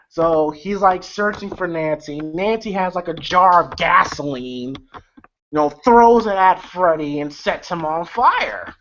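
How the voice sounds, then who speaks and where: A man's unhurried voice sits on the high side, expressive and a bit bright, as he casually recaps a movie. His rambling includes frequent fillers, swearing and chuckling, captured in lo-fi audio with slight noise.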